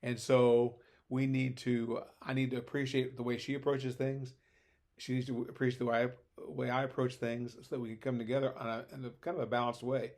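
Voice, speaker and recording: A man's voice: mid-range voice, flat delivery, brisk, a little mellow. An older man, a former teacher, speaking as a podcast guest in a thoughtful, rambling way with many hesitations. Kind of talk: conversational podcast discussion.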